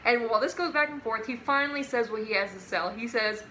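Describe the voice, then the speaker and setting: A young woman vlogger telling a work story in a casual, animated way, often breaking into giggles. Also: on the high side, fast talker, a little hiss or hum.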